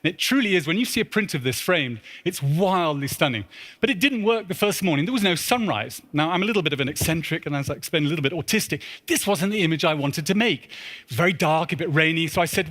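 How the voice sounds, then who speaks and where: A man giving a storytelling talk to an audience in a large church, animated and a little out of breath, acting out his own pleading voices. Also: a little high, quick pace. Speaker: speaker at a symposium.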